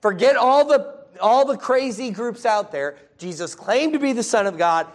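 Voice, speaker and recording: A man preaching a sermon, reading scripture slowly and with emphasis, and often checking in with his listeners by asking "folks?" and "yes?". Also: extremely high pitch, lively intonation.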